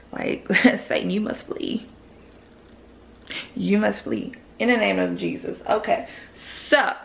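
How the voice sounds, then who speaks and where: A pregnant woman vlogging in casual chat, out of breath, often dropping to a breathy whisper and calling her viewers y'all. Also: mid-range voice, slight background noise. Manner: drawn-out Southern US slang, addresses viewers as y'all.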